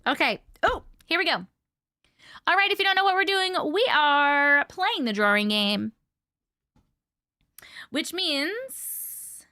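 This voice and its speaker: A woman's voice: high voice, bright, forceful tone, dry recording, studio quality. A woman hosting a casual live chat with viewers, playful, often laughing and coughing between remarks. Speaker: livestream host.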